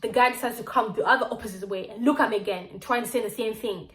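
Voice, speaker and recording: A young woman from Zimbabwe, telling a story on her vlog in a lively, slangy way. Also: on the high side, quick pace. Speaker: vlogger. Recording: roomy echo.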